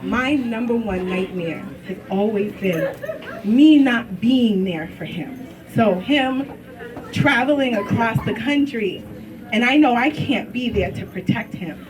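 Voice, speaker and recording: A woman's voice: fairly high pitch, expressive, a little slow. A woman giving a heartfelt toast to her brother, tender and earnest. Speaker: sister giving a farewell toast. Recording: distant mic with party crowd.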